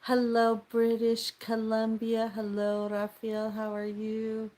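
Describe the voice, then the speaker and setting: A woman casually chatting with her viewers on a live stream from home, playful and teasing and quick to laugh. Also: on the high side, monotone, warm tone. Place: home room with window open.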